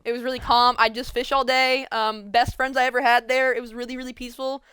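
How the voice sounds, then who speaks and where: A teenage girl chats quickly and at length as the host, her words tumbling out with lots of "like" and "um." Her voice is smooth and clear, recorded close and dry with no room sound. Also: a little high, flat delivery, fairly bright tone, no echo. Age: teens. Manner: rambling, filler-heavy, laughs often. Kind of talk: casual chat.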